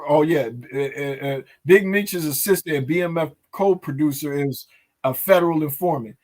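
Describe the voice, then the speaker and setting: A man hosting a casual hip-hop news talk show, his voice sitting a little high for a man. He rambles loosely through the news, circling back with restarts and fillers. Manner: loose, talkative, hesitant with restarts. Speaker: show host.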